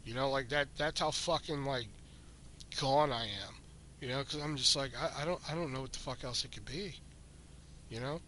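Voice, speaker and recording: A man's voice: medium pitch, normal speed, sharp tone, slight background noise. A man hosting a podcast, telling a story in casual chat, swearing freely and sounding exasperated. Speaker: podcast host.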